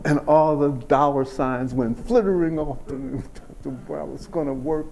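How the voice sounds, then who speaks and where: An older man giving a keynote speech, telling his story in an unhurried, earnest way and laughing at himself now and then. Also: a little high, creaky, a little mellow. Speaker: keynote speaker.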